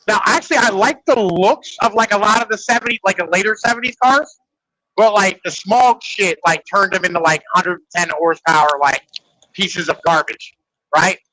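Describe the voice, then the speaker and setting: A man's voice: high voice, normal speed, sharp tone, no room sound, rough recording. A man in casual podcast chat, rambling and profane, leaning on "like" and "right?". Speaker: podcast host.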